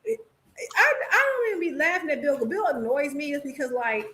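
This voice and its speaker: Laughing high-voiced woman host. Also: big pitch swings, fairly quick, bright, forceful tone, slight background noise. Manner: laughs often, loose and chatty. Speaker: boxing show host. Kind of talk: casual livestream chat.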